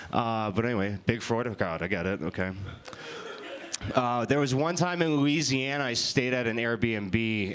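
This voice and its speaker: A man's voice: mid-range voice, fairly bright tone, smooth. A young man doing an improvised stand-up set, rambling and swearing and laughing at his own stories. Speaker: improv comedian. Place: winery comedy show with live audience.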